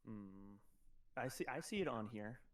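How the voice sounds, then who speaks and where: A man's voice: fairly low pitch, animated, a little slow, far from the mic. A man running a tabletop game as game master, explaining rules with many fillers and restarts.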